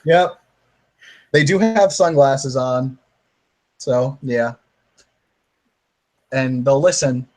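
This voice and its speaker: A man's voice: medium pitch, very slow, long pauses, darkish tone. A man playing a tabletop game, loose and joking, with stammered restarts. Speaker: player. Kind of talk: casual tabletop chat.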